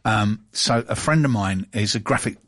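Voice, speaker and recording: A man's voice: fairly low pitch, normal speed, a bit bright, no echo. A man co-hosting a casual chat, rambling and joking as he talks.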